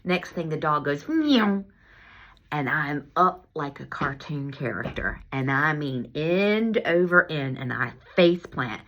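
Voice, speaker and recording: A woman chiropractor telling a story in a casual monologue, animated and laughing as she acts out her own exclamations. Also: deep voice, unhurried, hardly any pauses, lo-fi sound. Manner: animated, laughing, lively retelling with acted-out exclamations.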